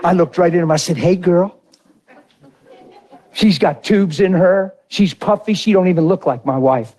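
A middle-aged man preaching a sermon through an animated, folksy personal story. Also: sits high, a little fast. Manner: animated, folksy, drawls into dramatic retellings.

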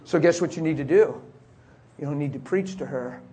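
A man's voice: on the high side, moderate pace, warm tone. A middle-aged man preaching, telling an emotional personal testimony in a confessional way. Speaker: pastor.

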